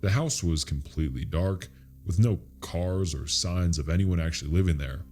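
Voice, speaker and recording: Deep dark-voiced man narrating horror. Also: normal speed, faint music behind. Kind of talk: scripted horror story narration.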